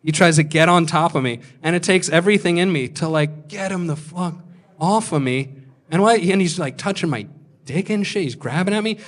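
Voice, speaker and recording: A man in his twenties telling a crude story on stage as a stand-up comedian, deadpan with sudden shouted punchlines. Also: a little high, brisk. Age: 20s.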